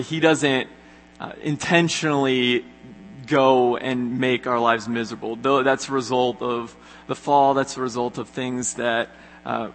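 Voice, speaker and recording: A man's voice: medium pitch, a bit bright. Earnest young male youth preacher. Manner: earnest, conversational, many fillers. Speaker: youth pastor. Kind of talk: sermon. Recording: echoey hall with long reverb.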